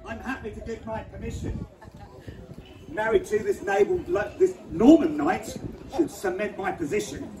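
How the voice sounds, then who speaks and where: A man's voice: high voice, very animated, normal speed, very noisy. A man playing a sly scheming churchman. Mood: wheedling. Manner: wheedling, sly. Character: scheming, ingratiating Saxon archbishop and lord. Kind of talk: amateur folk play performance. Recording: echoey distant outdoor stage with crowd.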